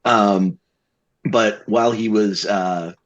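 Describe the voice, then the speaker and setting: A man's voice: lowish voice, fairly even intonation, takes it slowly, fairly bright tone. A man describing his tabletop character, rambling with restarts and fillers. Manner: rambling, laughing easily. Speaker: tabletop game player. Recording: dull lo-fi mic.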